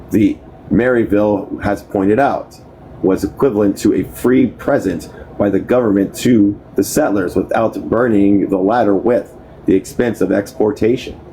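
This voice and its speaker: A man's voice: on the low side, mellow, a little hiss or hum, poor audio. A man reading a history book aloud, often stumbling over words, restarting them and correcting himself. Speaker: book reader.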